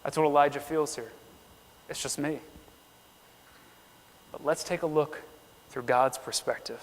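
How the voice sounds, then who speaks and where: A man preaches a sermon with a notably high voice. He reads scripture aloud and acts out the quotes earnestly. The sound carries the long reverb of a church hall. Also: a little fast. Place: church sanctuary.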